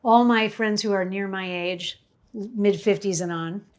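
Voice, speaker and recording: A woman's voice: mid-range voice, a little slow. A woman in her fifties hosting a cooking show, chatting and rambling as she demonstrates a recipe, often laughing. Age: 50s.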